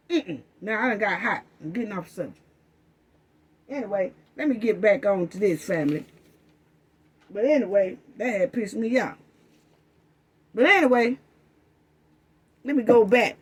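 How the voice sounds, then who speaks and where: A woman's voice: medium pitch, normal speed, slightly rough. Fired-up woman commentary host. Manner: fired-up, repetitive, addresses audience as family. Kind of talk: casual commentary monologue.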